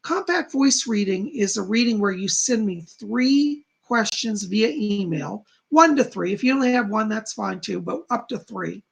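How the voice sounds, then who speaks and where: A man's voice: high voice, animated, a little slow, creaky, few pauses, a bit bright, breathy edge. A middle-aged man hosting a psychic live stream from home, chatting casually and reading out viewer comments. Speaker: psychic livestream host.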